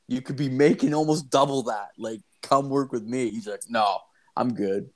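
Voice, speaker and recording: A man's voice: medium pitch, moderate pace. Profane rambling storyteller, man. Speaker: podcast host. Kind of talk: casual chat.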